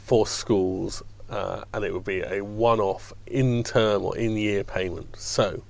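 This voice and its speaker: A man's voice: fairly low pitch, steady tone, slow pace, creaky, a little mellow. A man on a news podcast panel, giving wry, sardonic commentary in casual discussion. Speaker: education journalist on panel.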